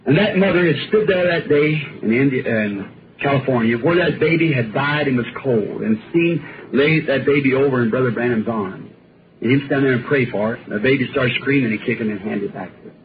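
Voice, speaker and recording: Man preaching folksy over a tinny noisy line. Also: mid-range voice. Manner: folksy storytelling preaching with rising emphatic bursts. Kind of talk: sermon. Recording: tinny old recording with noise.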